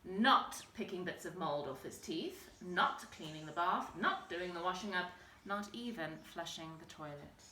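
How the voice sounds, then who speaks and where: Lively woman teacher reading a story. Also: lowish voice, measured pace, echoey room, a little hiss or hum. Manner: expressive, animated storytelling. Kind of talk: picture book read-aloud.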